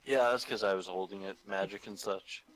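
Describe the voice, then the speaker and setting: A man playing in a tabletop game, talking in a halting, hesitant way. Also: sits low, steady tone, background noise. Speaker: player. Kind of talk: tabletop role-play chat.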